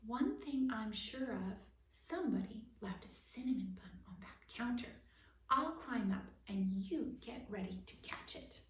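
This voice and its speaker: A woman's voice: a little high, expressive, unhurried. A woman voicing a timid but brave little boy mouse in a storybook reading, sometimes stammering, in a roomy recording heard from a distance. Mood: eager. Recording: roomy, distant, faint hiss.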